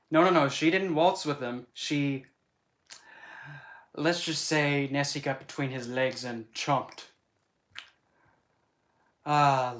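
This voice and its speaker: A man putting on a boisterous, crude Scottish man in a kilt, speaking in a loud, rough, put-on Scottish brogue. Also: medium pitch, echoey room.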